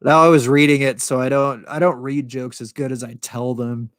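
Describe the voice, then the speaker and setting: A man's voice: mid-range voice, fairly even intonation, normal speed, no echo, clean studio sound. An American man hosting a podcast stream, chatting casually in a profane, rambling way with frequent laughs. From United States. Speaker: podcast host. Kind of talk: casual livestream chat.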